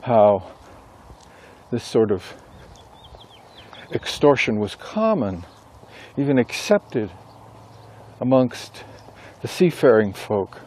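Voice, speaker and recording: A man who writes books and teaches a class, talking casually and thinking aloud with pauses and self-corrections. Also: mid-range voice, sing-song, darkish tone. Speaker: author and instructor. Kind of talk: casual rambling monologue.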